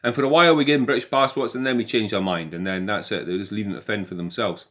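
An older man with a Scottish accent, delivering an animated opinion monologue full of rhetorical questions. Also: fairly low pitch, rapid-fire. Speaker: commentator.

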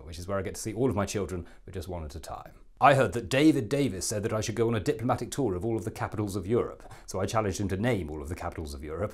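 A man doing a satirical impression of a bumbling, smug British prime minister, blustering through a comic monologue with chuckling self-mocking asides. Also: fairly low pitch. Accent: English.

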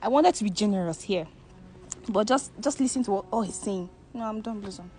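Woman, mid-pitched, indignant, offended blind-date contestant. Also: fairly quick, warm tone, slight background noise. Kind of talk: comic skit acting.

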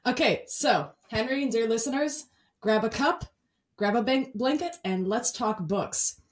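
A bubbly young woman hosts a casual podcast chat, laughing often between her sentences. Her voice sits a little higher than most. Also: animated, unhurried. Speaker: podcast host.

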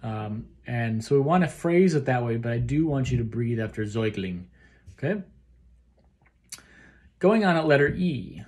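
A man's voice: medium pitch, expressive, normal speed, pauses often, darkish tone. A man leading a choir rehearsal lesson, explaining phrasing and pronunciation and singing short bits of the lines. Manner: talks through phrasing, sings snippets of the text; ends points with a questioning okay. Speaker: choir director.

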